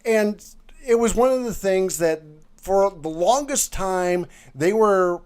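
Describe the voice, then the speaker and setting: A man's voice: sits high, animated, takes it slowly, darkish tone, clear, resonant tone. A man co-hosting a podcast in casual, comedic chat, rambling along with many fillers and jokes. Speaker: podcast co-host.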